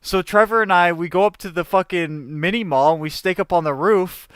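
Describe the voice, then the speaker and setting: A man's voice: high-pitched, brisk, fairly bright tone, clear, resonant tone, no room sound, clean studio sound. A young man hosting a casual podcast, telling a rambling, profane story and saying "dude" constantly. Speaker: podcast host. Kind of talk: animated storytelling in casual chat.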